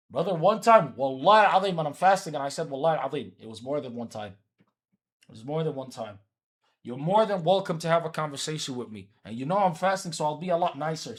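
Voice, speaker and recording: A fairly high-pitched man with a husky edge to his voice, chatting loosely on a livestream. He is from Africa and keeps teasing and repeating lines as he answers his chat. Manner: repetitive, teasing, talks back to chat. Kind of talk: casual stream chat.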